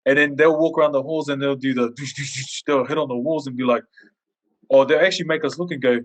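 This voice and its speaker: Animated man telling school stories. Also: mid-range voice, fast talker, poor audio.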